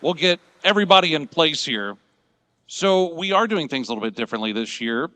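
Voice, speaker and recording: A man's voice: a little high, animated, a little fast, sharp tone, no room sound, long reverb tail. A man emceeing an awards ceremony, joking and giving upbeat instructions to a crowd. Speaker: master of ceremonies.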